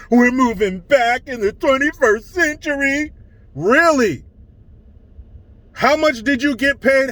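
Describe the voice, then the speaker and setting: Male commentator, high voice, slow deliberate pace, mocking and profane rant style. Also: a bit bright, dry recording. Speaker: online commentator. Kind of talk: ranting commentary.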